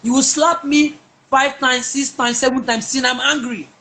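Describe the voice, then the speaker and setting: Speaking at a moderate pace, a guest recounts her own story with emphasis, frequently restarting and repeating herself. Her voice is high, a bit bright and steady in tone, with slight noise in the background.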